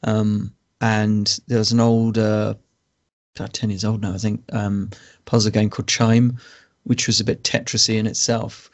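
Calm male podcast co-host. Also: fairly low pitch, normal speed. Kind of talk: casual chat about video games.

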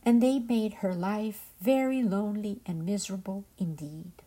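A woman who hosts a show, telling a folktale in a gentle, expressive manner. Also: medium pitch, normal speed, breathy edge. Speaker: podcast host and storyteller. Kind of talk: storytelling.

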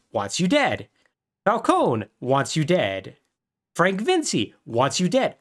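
A man's voice: on the high side, fairly bright tone, heavily acted. A man putting on an angry older male mob boss who berates and lectures while retelling a game's plot in casual chat. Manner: exasperated, berating.

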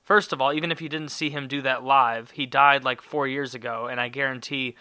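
A man's voice: mid-range voice, steady tone, fairly quick, sharp tone, clear, resonant tone, no room sound, studio quality. A man hosting a solo podcast, ranting in a rambling, sarcastic and profane way. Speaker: podcast host.

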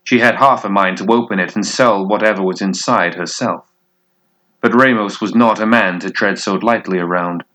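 A man narrating a dark fantasy story in a measured, deliberate way. His voice sits low, yet the tone is bright and forceful. He lingers on key phrases. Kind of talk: scripted fiction narration.

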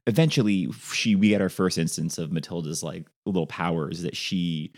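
Man, low voice, casual movie recap, enthusiastic, uh and like. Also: moderate pace. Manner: enthusiastic, laughing recaps with fillers. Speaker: podcast co-host.

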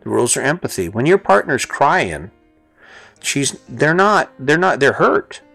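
A man's voice: medium pitch, very animated, a little slow, creaky, fairly bright tone, no room sound, faint music behind. A middle-aged man giving a motivational talk as host, earnest and conversational, repeating phrases for emphasis.

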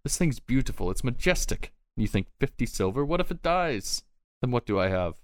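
A man's voice: medium pitch, sing-song, normal speed, no echo, pitched above the performer's own voice, natural voice. A man voicing a small man with a huge backpack who haggles nervously over his horse. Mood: protesting.

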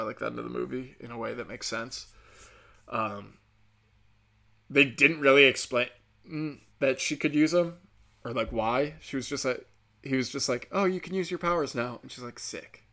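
A man's voice: medium pitch, steady tone, normal speed, creaky, pushed and bright. Sarcastic, profane man ranting about a movie. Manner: profane, sarcastic, mocking impressions. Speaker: movie reviewer. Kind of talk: casual rant.

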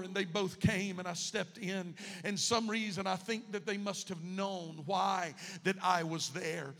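A man's voice: high-pitched, big-room sound. A man preaching a sermon as pastor, telling a story with rising emotion and fervent outbursts. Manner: emotional, building to fervent shouts.

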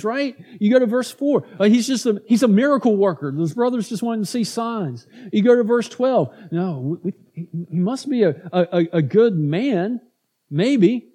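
A pastor preaches in a high, mellow voice. He keeps it conversational, throws questions at the congregation and slips into muttering crowd voices to make his point. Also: slightly rough. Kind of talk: sermon.

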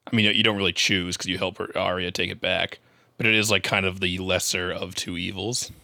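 Brief: very deep, bright-toned man, rambling casual chat, dry sound. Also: brisk, creaky, dry recording. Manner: relaxed, rambling.

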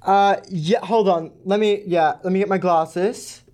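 A man's voice: high voice, fairly even intonation, a little slow, a little mellow. A man playing a hesitant, fumbling male caller with a put-on accent during a prank phone call, stalling with ums and restarts.

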